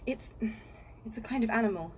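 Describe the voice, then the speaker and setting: A woman's voice: fairly high pitch, a little fast, slight background noise, natural voice. A woman playing watchful older sister Susan. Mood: urgent.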